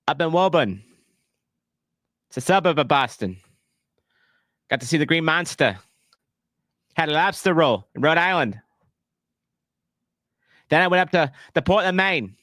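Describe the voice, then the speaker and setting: A man's voice: medium pitch, bright, forceful tone, no echo, clean studio sound. A man putting on a shaky regional accent, chatting about a trip, with the accent drifting. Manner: wobbly put-on accent, drifting.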